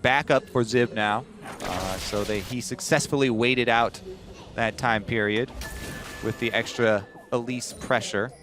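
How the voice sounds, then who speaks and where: A man co-casting an esports match, chiming in with quick asides and short reads of the play. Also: mid-range voice, fairly even intonation, over music. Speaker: esports co-caster. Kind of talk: esports commentary.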